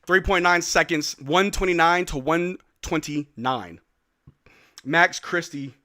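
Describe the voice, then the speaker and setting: A man hosting a live stream watch-along, giving excitable play-by-play of the game with slang and calling out to his chat from an indoor room. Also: a little high, slow pace.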